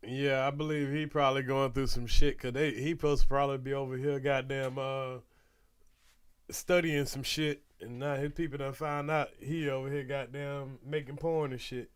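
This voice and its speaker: A man's voice: mid-range voice, flat delivery, normal speed, smooth. A man hosting a reaction video, giving blunt, slangy commentary and warnings. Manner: blunt, preachy, slangy asides.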